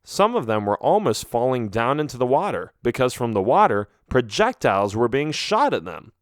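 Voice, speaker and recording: A man narrating a children's audiobook in an expressive, first-person storytelling manner. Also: mid-range voice, normal speed, no echo, studio quality.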